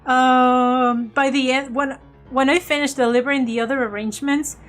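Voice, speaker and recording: A woman vlogger casually telling an animated story and laughing often. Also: high voice, moderate pace, soft background music.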